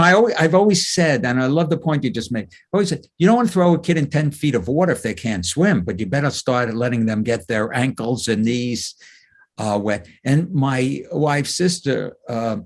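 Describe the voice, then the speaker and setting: A guest speaker at a webinar, this clinical psychologist has a mid-range male voice and talks at a moderate pace. He's an animated storyteller whose talk is full of anecdotes and acted-out quotes.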